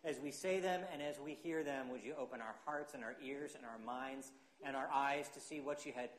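A male pastor, preaching a sermon and reading scripture in an earnest, unhurried way, with hesitant fillers. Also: medium pitch. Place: church sanctuary. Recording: echoey church sanctuary.

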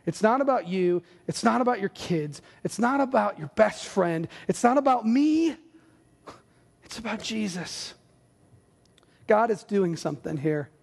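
A male pastor preaching a sermon in an earnest, conversational way with animated asides. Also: sits high, a little slow, gravelly. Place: church sanctuary. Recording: long church hall reverb.

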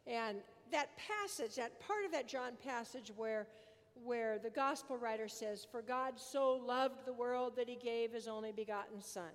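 A woman priest preaches a sermon at an unhurried, deliberate pace, her voice sitting high. She speaks earnestly and repeats phrases for emphasis. The sound carries a long reverb from a large church sanctuary.

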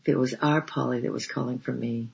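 A man reading aloud, voicing a tearful, motherly older woman with a soft, pleading way of talking. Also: mid-range voice, steady tone, fast, vocal fry, husky, full character voice. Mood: plaintive. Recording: dull lo-fi recording.

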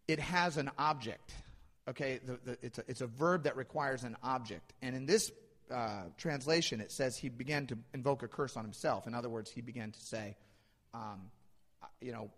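Man preaching in a reverberant hall. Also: mid-range voice. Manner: dynamic, swings between loud emphasis and hushed asides. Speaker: pastor. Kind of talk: sermon.

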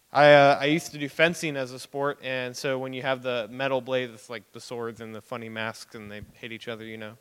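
A man's voice: mid-range voice, a bit bright, clear, resonant tone. A young man giving a sermon illustration, telling a story in a casual, rambling way full of fillers. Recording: long hall reverb.

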